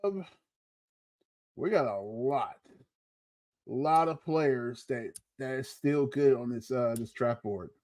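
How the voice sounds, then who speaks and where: A man hosting a casual sports watch-along livestream, talking in a laid-back, halting way with many fillers. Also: medium pitch, animated, darkish tone, no room sound, clean studio sound. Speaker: livestream host.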